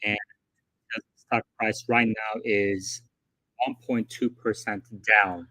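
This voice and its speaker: A man's voice: lowish voice, steady tone, slow pace, sharp tone, a little hiss or hum, rough recording. A man hosting a casual livestream, talking through financial figures in a chatty way and thinking aloud as he goes. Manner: chatty, thinking aloud, reads quotes from a report. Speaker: livestream host.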